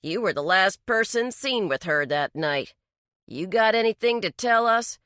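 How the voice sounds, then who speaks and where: A woman's voice: mid-range voice, lively intonation, a little slow, a bit bright, smooth, dry recording, studio quality. A woman voicing a patronizing, menacing male deputy with a condescending, threatening way of talking.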